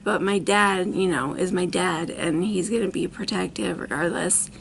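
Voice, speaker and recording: A woman's voice: lowish voice, normal speed, gravelly, a little hiss or hum. A woman in her thirties telling a personal story as a vlogger, rambling with many fillers. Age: 30s. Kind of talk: storytime monologue.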